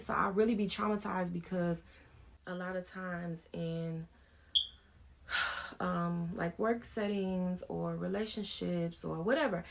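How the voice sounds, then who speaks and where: A woman's voice: fairly low pitch, a bit bright, a little hiss or hum. A woman in her thirties, a vlogger, telling a personal story in a frank, informal way as she talks things through.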